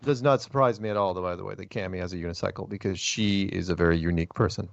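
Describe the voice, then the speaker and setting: A man's voice: low-pitched, fairly even intonation, quick pace, vocal fry, dry recording. A man hosting a casual interview, friendly and easygoing, with rambling questions full of restarts. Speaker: host. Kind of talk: casual video call interview. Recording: dry, dull lo-fi sound.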